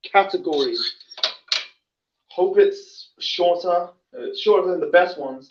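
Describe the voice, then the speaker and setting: A man talks casually on his own wrestling show, halting often and restarting his sentences. His voice sits high for a man. It comes from a bit back in an echoey room, on dull, lo-fi audio. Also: steady tone, far from the mic. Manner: halting, many fillers and restarts. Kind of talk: casual solo commentary.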